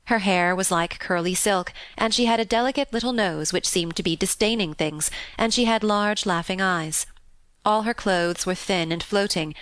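A woman reading a classic children's novel aloud in a calm, steady and expressive narration. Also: mid-range voice, normal speed, clear, resonant tone, dry recording. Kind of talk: scripted storybook narration.

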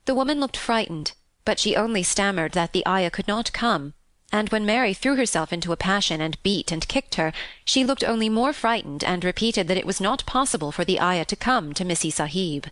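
A woman reading a classic children's novel aloud in a calm, steady and expressive narration. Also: mid-range voice, a little fast, no room sound. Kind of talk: scripted storybook narration.

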